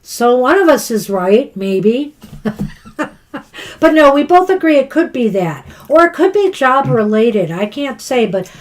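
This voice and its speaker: A woman's voice: high voice, very animated, unhurried. A woman co-hosting a live tarot stream in casual chat, losing her voice and a little scattered, laughing and losing her train of thought. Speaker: tarot reader co-host.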